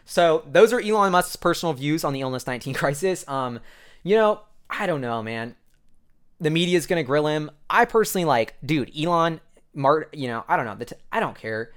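Fast, rambling male vlogger. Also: mid-range voice, clear, resonant tone. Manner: rambling, filler-heavy, excitable. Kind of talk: casual commentary recap.

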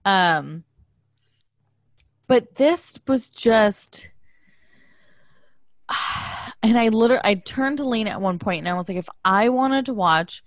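A woman co-hosting a casual movie podcast, frank and quick to laugh, swearing freely. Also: a little high, lively intonation, no room sound, clean studio sound. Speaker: podcast co-host. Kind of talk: casual chat.

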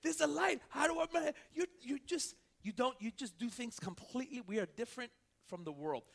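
A male pastor with a very high voice and vocal fry preaches a sermon, swinging between quiet asides and loud preaching. His stories feature quick back-and-forth dialogue.

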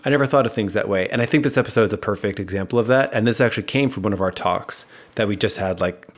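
An American man hosts a casual podcast interview, chatty and quick to joke. His voice sits on the low side. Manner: upbeat, joking, chatty. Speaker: podcast host.

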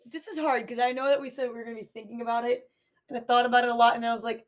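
A young woman co-hosting a podcast, relaxed and laughing easily as she reminisces. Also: a little high, quick pace. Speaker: podcast co-host. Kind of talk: casual chat.

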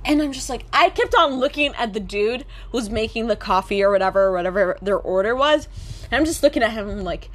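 A woman's voice: a little high, expressive, brisk, a bit bright. A young woman with a slightly raised voice rants to camera in a loose, rambling monologue. She is sarcastic and swears freely, leaning on fillers as she goes. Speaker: vlogger.

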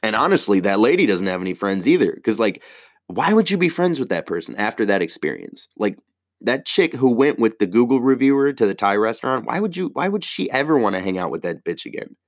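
A man's voice: lowish voice, very animated, brisk, dry recording, studio quality. A man on a casual, rambling rant, heated and swearing heavily.

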